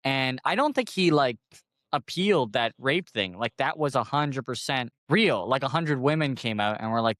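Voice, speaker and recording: Male comedy podcast co-host, mid-pitched, deadpan riffing, dry close sound. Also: normal speed, dry recording. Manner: rambling, acts out quoted voices; deadpan jokes. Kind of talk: casual comedic banter.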